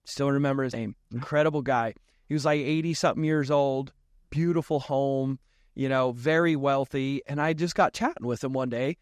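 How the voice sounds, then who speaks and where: A man telling a personal story as a podcast guest in a casual interview, lively and laughing often as he acts out the dialogue. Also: medium pitch, normal speed, smooth, dry recording, clean studio sound. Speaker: podcast guest, real estate investor.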